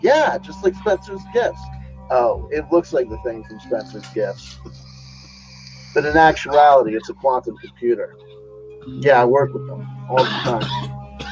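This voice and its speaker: A man's voice: on the high side, a little mellow, dull audio. A man voicing a boastful fake secret space program scientist, interviewing himself in a mock-serious act. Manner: mock-serious, playing both sides of an interview.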